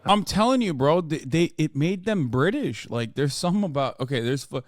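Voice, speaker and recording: A man reacting casually on a live stream, animated, sarcastic and profane. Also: on the high side, normal speed, no room sound, studio quality. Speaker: streamer, host.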